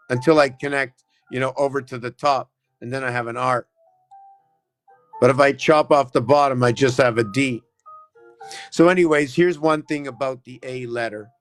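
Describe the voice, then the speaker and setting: A man's voice: mid-range voice, fairly bright tone. A man hosting a live stream, explaining numbers and letter shapes in a loose, rambling way and constantly checking in with "right?". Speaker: livestream host. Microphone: phone camera.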